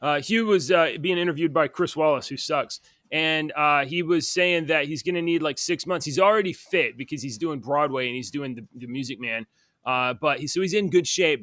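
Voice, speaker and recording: A man co-hosting a podcast in casual chat, excitable and quick to laugh. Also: a little high, dry recording, clean studio sound. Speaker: podcast co-host.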